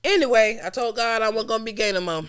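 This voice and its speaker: A woman co-hosting a podcast, telling stories in loud, profane, laughter-filled casual chat. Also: fairly high pitch, quick pace, heavy background noise. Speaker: podcast co-host.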